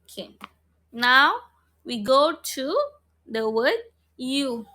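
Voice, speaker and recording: A woman's voice: high voice, extremely slow, sharp tone. A woman teaching an online phonics lesson, repeating letter sounds and prompting her students. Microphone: online class, video call.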